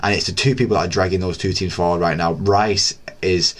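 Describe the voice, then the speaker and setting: A young man with a low, deep voice talks through the weekend's football on his own channel. He rambles in a loose, excitable way, full of fillers and asides. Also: brisk. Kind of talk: casual solo football recap.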